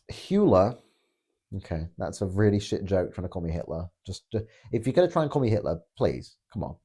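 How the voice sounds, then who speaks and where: A man's voice: lowish voice, warm tone. A man hosting a casual live stream, answering chat in a blunt, joking way with plenty of swearing. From Britain. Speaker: political streamer reading chat.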